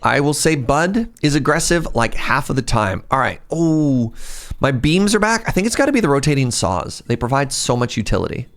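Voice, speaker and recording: Lively, excitable man streaming a game. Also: medium pitch, brisk. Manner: excitable, chatty, talks to chat. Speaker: streamer playing a video game. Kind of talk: casual live-stream gameplay commentary.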